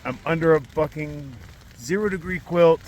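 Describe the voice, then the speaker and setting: A long-distance hiker films a vlog from inside a small tent while a windstorm rages, holding the camera close. His voice is a little high and his pace normal, with slight background noise. Cold, hungry and worn down, he sounds weary and frustrated and swears often.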